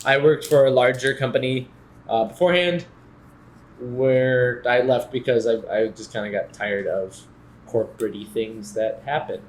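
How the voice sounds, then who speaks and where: A man in his twenties co-hosting a podcast, asking quick probing questions in casual chat. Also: mid-range voice. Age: 20s. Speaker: podcast co-host.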